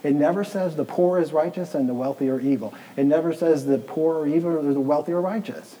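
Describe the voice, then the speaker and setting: A man's voice: fairly high pitch, a little fast, mellow, rough recording. A man preaching a sermon as pastor, stressing points with repetition and sometimes dropping to a near-whisper. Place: church in Southeast Dublin.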